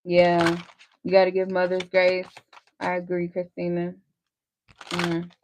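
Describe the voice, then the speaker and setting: A woman's voice: fairly low pitch, monotone, slow, background noise. A woman hosting a live tarot stream, giving casual spiritual guidance in a candid, encouraging way with some swearing. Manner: candid, conversational, salted with swearing; encouraging, motivational.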